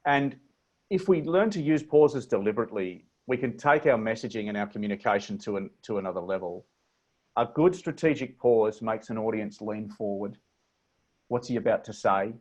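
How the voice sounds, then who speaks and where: A man with an Australian accent coaching a webinar on speech over a video call, talking in a measured, deliberate way and demonstrating inflections. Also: on the low side, mellow, lo-fi sound. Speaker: presentation coach. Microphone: computer mic on a video call.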